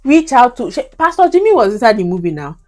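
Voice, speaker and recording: A woman's voice: a little high, big pitch swings, quick pace, a little mellow. A young Nigerian woman with a Nigerian accent, talking casually about movies as a video reviewer. She laughs often and slips into Nigerian Pidgin. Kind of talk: casual commentary on her old reviews.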